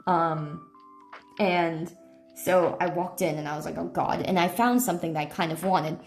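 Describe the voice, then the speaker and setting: Gravelly-voiced woman streamer. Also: on the low side, moderate pace, faint music behind. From United States. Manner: rambling storytelling full of fillers and self-corrections. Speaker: IRL streamer. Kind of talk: casual live-stream chat.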